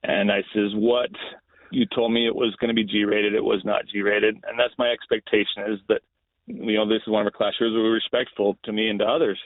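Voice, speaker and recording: A man's voice: lowish voice, level tone, a little fast, dry recording. A middle-aged man, a school principal, telling a story in a casual podcast interview, earnest and often restarting his phrases. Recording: thin phone-like line.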